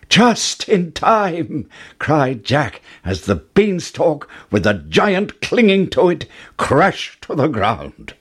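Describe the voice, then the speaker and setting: A man reading a fairy tale aloud as a storyteller, with expressive rises and falls. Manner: expressive, with wide swings in pitch.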